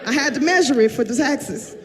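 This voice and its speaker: Brash high-voiced woman comic. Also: brisk, a crowd in the background, background noise. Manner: brash, profane, animated storytelling. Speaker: stand-up comedian. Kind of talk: stand-up comedy routine. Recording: live show with audience laughter.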